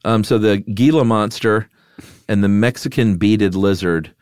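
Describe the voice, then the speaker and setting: A man's voice: lowish voice, unhurried, darkish tone, clear, resonant tone, no echo, studio quality. A man co-hosting a podcast in casual, jokey chat, laughing often and reading from his notes. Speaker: podcast co-host.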